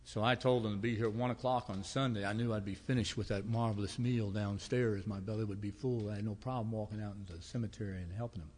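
A man preaching in a church, telling homespun stories with gentle humor. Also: lowish voice, fairly even intonation, quick pace, hardly any pauses, big-room sound. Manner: folksy storytelling with humor. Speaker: pastor. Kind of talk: sermon. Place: church sanctuary.

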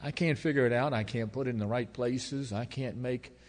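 A man preaching a sermon as pastor, telling stories in a folksy, emotional way that swings between loud and hushed. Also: mid-range voice, moderate pace. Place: church sanctuary. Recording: long hall reverb.

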